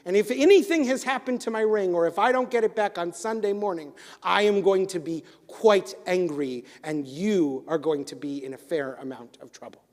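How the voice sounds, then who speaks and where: A demanding, hot-tempered leather worker flares up in an indignant, high voice, as a male storyteller acts him out. The voice rings through a chapel with a long reverb tail, as in a spoken parable. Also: moderate pace, few pauses, lightly acted. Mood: stern warning. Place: synagogue chapel.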